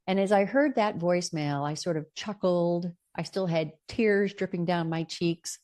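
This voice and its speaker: A middle-aged woman telling a personal story in an earnest, expressive way, partly reading aloud from her own notes. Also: on the low side, unhurried, hardly any pauses. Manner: earnest, expressive, with bright lifts into quoted lines. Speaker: storyteller sharing a personal memoir.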